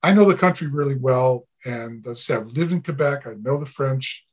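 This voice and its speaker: A man's voice: medium pitch, animated, fairly quick, husky. A man from Canada, a podcast guest, talking in a rambling, anecdotal way with many fillers. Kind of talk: casual podcast chat.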